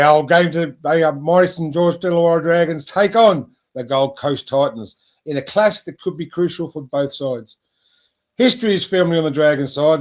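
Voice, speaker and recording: A man hosting a casual sports podcast, rambling and joking at his own expense, often stumbling over words. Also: on the high side. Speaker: podcast host.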